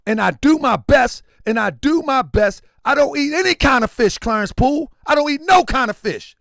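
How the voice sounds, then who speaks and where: The livestream host has a very high, gravelly voice and speaks at a normal speed, with studio-quality audio and no room sound. His casual talk turns preachy at times, and he is animated and frequently raises his voice.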